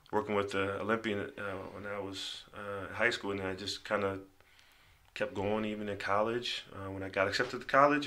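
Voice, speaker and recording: A man guest telling his life story in casual conversation, animated, slipping into quoted voices. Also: on the low side. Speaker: podcast guest.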